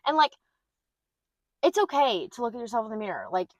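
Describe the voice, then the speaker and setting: A woman's voice: a little high, very animated, brisk, no room sound, highs cut off. A young woman co-hosting a casual podcast chat, rambling and trailing off between "like" fillers. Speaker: podcast co-host.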